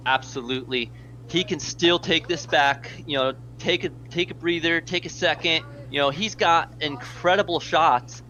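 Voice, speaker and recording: An American man calls air hockey play-by-play live, his fairly high voice steady, bright and forceful at a moderate pace, with slight background noise. He's nearly losing his voice as he rambles and chats, thanking donors between plays.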